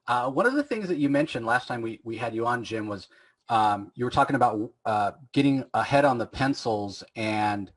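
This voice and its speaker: Male podcast host, husky voice, mid pitch, long rambling questions. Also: lively intonation, moderate pace, low-quality recording. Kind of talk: interview questions.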